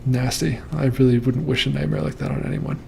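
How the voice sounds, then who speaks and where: A man talks through listeners' nightmares in a calm, reassuring host's commentary. His voice has a gravelly fry and a dark, mellow tone. His delivery stays steady and flat rather than lively. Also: medium pitch, a little hiss or hum. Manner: calm, measured, reassuring explanations. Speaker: host reading and interpreting nightmares. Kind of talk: casual commentary on listener dream posts.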